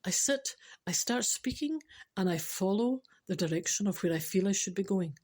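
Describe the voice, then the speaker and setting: A woman's voice: mid-range voice, expressive, moderate pace, darkish tone, breathy edge. An older woman with a Scottish accent hosting a podcast, rambling chattily through jokes without a script and laughing at her own punchlines. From Scotland. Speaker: podcast host. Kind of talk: unscripted joke-telling podcast.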